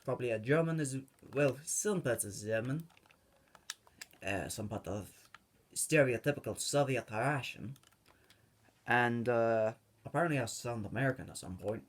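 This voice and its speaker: A young man talks over his game, drifting from one tangent to the next with plenty of ums and uhs. His pitch sits mid-range but swings in a lively way. The delivery is casual and unscripted. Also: normal speed. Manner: rambling and tangent-prone, with many fillers. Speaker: gaming channel host. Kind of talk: rambling let's-play commentary.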